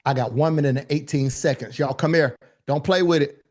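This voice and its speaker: Lively man coaching a workshop crowd. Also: a little high, a little fast. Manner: animated, joking asides, talks to the room directly. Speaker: business speaking coach. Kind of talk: live workshop teaching.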